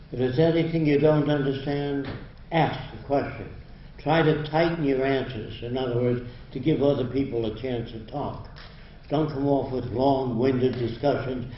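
A man's voice: mid-range voice, a little hiss or hum. Blunt older man lecturing in a roomy hall. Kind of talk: university lecture. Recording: roomy, dull lo-fi hall recording.

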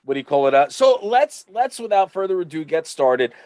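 A man's voice: high-pitched, sing-song, a little fast, darkish tone, dry recording. A man hosting a podcast, talking casually with lots of restarts and repeated words. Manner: stammering, repeats himself, chuckling. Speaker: podcast host.

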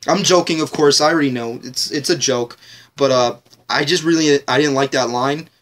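A man's voice: medium pitch, normal speed, a bit bright. A man ranting casually in a TV episode review vlog, rambling, joking and swearing heavily.

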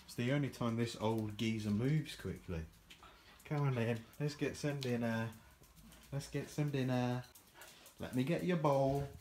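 In a relaxed home vlog shot indoors and outdoors, a young man talks at a measured pace in a mid-range, slightly mellow voice. He rambles, mocks himself and fills his speech with fillers. Recorded on a handheld camera at arm's length, there's slight background noise.

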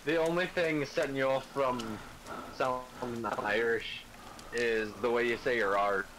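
A man's voice: mid-range voice, fairly even intonation, unhurried, noisy background. A man chatting casually while gaming, a jokey storyteller. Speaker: co-player guest.

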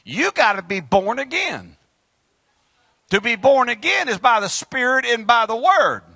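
A male pastor with a Southern US accent, preaching a fiery sermon and swinging from loud outbursts to quiet asides. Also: extremely high pitch, very animated, a little slow, no echo. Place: church sanctuary.

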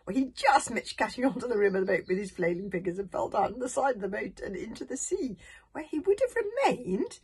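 Expressive woman reading a children's book. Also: on the high side, fairly quick, slightly rough. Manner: expressive, drops to whispers, laughs at slips and adds asides. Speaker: reader.

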